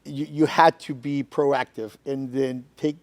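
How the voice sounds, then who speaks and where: Relaxed male podcast host who swears casually and chats loosely, with a dry, close-miked gravelly voice. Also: medium pitch, a little slow, no room sound. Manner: loose, profane, conversational. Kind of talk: casual interview chat.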